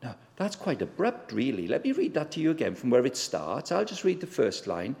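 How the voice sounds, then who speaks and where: A man's voice: huge pitch swings, a little fast, vocal fry, a little mellow. A man preaching a sermon as a guest preacher, chatty and direct, asking the congregation questions and acting out the voices he quotes. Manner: conversational, asks the congregation questions; acts out quoted voices with big pitch swings. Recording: long reverb of a large hall.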